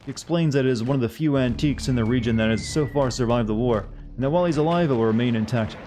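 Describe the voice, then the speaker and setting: A man streaming a game live, moving between reading on-screen text aloud and chatting loosely with his viewers. His voice sits at an ordinary middle pitch. A faint hum of background noise sits under it. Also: quick pace, darkish tone. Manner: casual chat with viewers. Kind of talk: live-streamed gameplay commentary.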